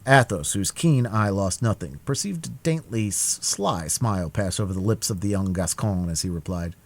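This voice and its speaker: A man narrating a classic novel as a live-streamed cold read, expressive and animated. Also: deep voice, moderate pace. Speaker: audiobook narrator.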